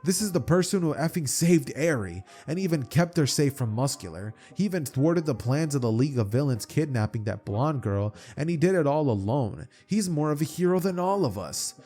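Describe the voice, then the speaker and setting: A man's voice: expressive, moderate pace, hardly any pauses, warm tone. Man putting on a brash fierce heroine. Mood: indignant. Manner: raised pitch, indignant.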